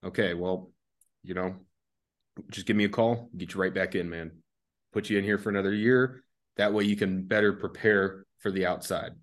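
A gruff, intimidating army sergeant major, as a man puts him on in a story. He speaks in clipped, flat questions, low and a little dark. It stays close to the storyteller's own voice. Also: normal speed, close to an everyday voice. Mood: friendly.

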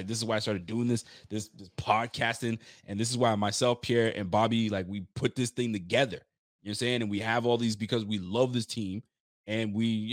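This podcast host, a young man with a fairly low voice, reads out viewer comments on his live fan show while venting bluntly and swearing without restraint. It's clean studio sound with no room noise.

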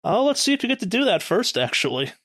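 A man running a horror tabletop game as game master, narrating monsters in a deliberate, vivid way with quick rules asides. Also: high-pitched, sing-song, a bit bright, dry recording.

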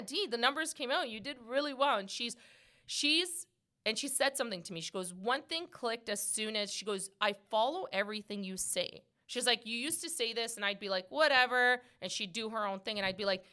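A loud, lively woman hosts a casual podcast chat. Her voice is bright and forceful. She is middle-aged and laughs easily between points. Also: mid-range voice, fairly quick. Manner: loud, animated, laughs often. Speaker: podcast host.

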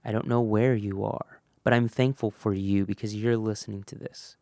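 A man hosting a motivational podcast, talking earnestly and directly to the listener, swinging between loud emphasis and hushed moments and acting out bits of dialogue. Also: fairly low pitch, flat delivery, creaky, dry recording. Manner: acts out quick snippets of dialogue. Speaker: podcast host. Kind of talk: motivational monologue.

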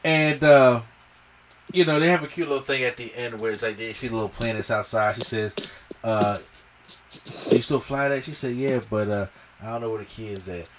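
Recorded from a distance with a faint hiss or hum, a podcast host with a mid-range voice talks at normal speed. He gives an easygoing movie review, retelling the story animatedly and performing the characters' lines.

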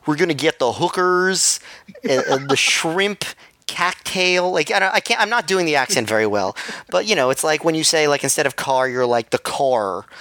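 A man's voice: mid-range voice, fairly bright tone, dry recording. A man co-hosting a podcast, giving enthusiastic, rambling opinions full of fillers. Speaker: podcast co-host. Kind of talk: casual chat, commentary.

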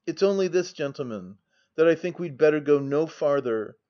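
Male reader doing an earnest young gentleman quitting drink, solemn and agitated, slightly raised voice, dull lo-fi sound. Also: on the high side, lively intonation, normal speed, natural voice.

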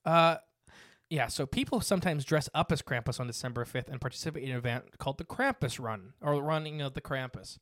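A man's voice: mid-range voice, fairly quick, fairly bright tone, dry recording. Podcast guy reading lore off notes, lots of uh and restarts, dry close sound. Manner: reads notes with fillers and restarts. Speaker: podcast host. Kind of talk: casual podcast chat.

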